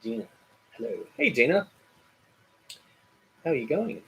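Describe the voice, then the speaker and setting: A man's voice: on the high side, very animated, measured pace, creaky, highs cut off, slight background noise. A man, hosting a casual live cooking chat, rambling and joking as he reads viewer comments. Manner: rambling and chatty, with many fillers and joking asides. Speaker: cooking channel host.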